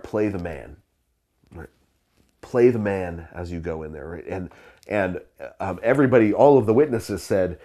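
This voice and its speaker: A man with a very low voice tells a story from the pulpit in a loose, conversational way. He stumbles over restarts and fillers, and he chuckles as the story unfolds. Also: a little mellow. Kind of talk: sermon storytelling.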